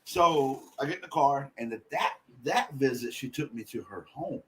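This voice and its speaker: Podcast guest, male, husky voice with lively swings in pitch, blunt and profane storyteller. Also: normal speed. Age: adult. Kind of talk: candid personal storytelling.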